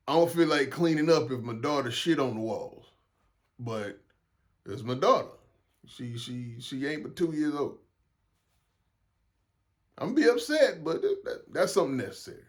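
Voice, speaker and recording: In his casual solo podcast, a young man from South Carolina speaks with a Southern accent in an expressive, mid-range voice at normal speed, pausing often. He's rambling, candid and profane, frequently restarting or repeating what he says.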